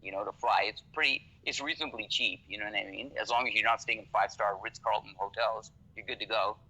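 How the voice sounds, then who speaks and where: A man from Canada chatting as a podcast guest in a relaxed, casual way. His voice sits fairly low yet sounds very bright and forceful. He swears freely and keeps checking in with "you know what I mean". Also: fast, low-quality recording. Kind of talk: casual conversation.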